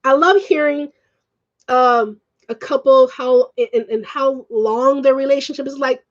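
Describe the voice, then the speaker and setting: A woman vlogger ranting in casual chat, rambling and swearing, swinging quickly between feelings. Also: high-pitched, steady tone, muffled recording. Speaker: live-streaming vlogger.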